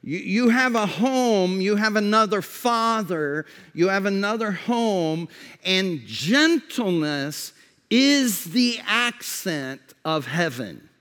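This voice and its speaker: Male pastor, high voice, slow conversational sermon, hall reverb. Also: expressive. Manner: conversational preaching with repeated false starts; drops to a soft, slow voice for reflective questions.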